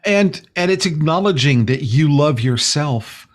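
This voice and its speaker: A man with a fairly high voice is speaking as a guest healer in a relaxed interview. His delivery is earnest and meandering, with frequent filler phrases and restarts as he gathers his thoughts. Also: measured pace. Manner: earnest, rambling, many "you know" fillers. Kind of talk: casual conversational interview.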